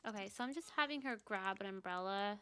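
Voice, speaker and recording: A woman's voice: mid-range voice, quick pace, sharp tone, clear, resonant tone. A woman chatting casually over her gameplay, narrating what her characters do with lots of fillers. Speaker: gameplay video creator. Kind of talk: casual let's-play commentary.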